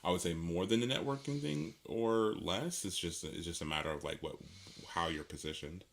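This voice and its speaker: A man's voice: low voice, normal speed, vocal fry, a bit bright, slight background noise. A man co-hosting a casual poetry talk, rambling with many fillers and restarts and laughing easily. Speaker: podcast co-host. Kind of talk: casual conversation.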